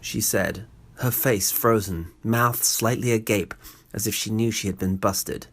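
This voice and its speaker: A man's voice: fairly low pitch, a little slow, fairly bright tone. A man with an English accent narrating a comic personal story in a wry, sarcastic way. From England.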